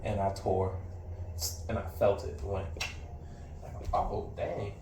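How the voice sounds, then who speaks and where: A man's voice: low-pitched, little pitch movement, a little slow, recorded from a distance. A man vlogging straight to the camera in blunt, slangy talk peppered with swearing and brags, sounding a little out of breath. He is some way from the mic, so his voice carries the echo of the room, and a faint hiss of noise runs underneath. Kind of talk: casual direct-to-camera vlog talk.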